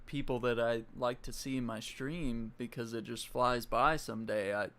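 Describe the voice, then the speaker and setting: A man's voice: medium pitch, fairly even intonation, moderate pace, fairly bright tone. A man hosting a streaming podcast, chatting easily and laughing often. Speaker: podcast host. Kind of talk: casual chat.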